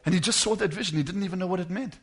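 A man preaching a sermon to his congregation, shifting between hushed and loud passages and stretching words slowly for emphasis. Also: high voice.

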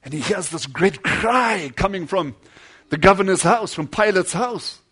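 A man preaching a sermon, telling a story with dramatic swings between loud declamation and hushed low passages, acting out the lines of the people in it. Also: animated, unhurried, slightly rough. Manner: acts out quoted dialogue within the story.

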